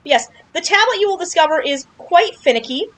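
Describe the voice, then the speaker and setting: Her very high, slightly bright voice moves with lively intonation and a somewhat fast pace, captured on a rough recording. She casually narrates a video game playthrough, joking and crying out at surprises.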